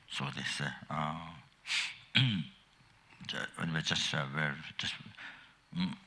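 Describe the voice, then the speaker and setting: An older man gives a halting, meandering Dharma teaching, his very deep voice gravelly and husky yet edged with sharpness. He speaks slowly, trails off into fillers and restarts, and stops to cough often. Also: expressive, bright, forceful tone. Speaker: Buddhist teacher.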